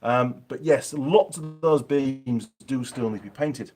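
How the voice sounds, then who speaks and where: A man's voice: medium pitch, unhurried, darkish tone, a little hiss or hum. A man with a Yorkshire accent chatting casually on a live stream from his home workshop, reading out viewer comments with plenty of ums.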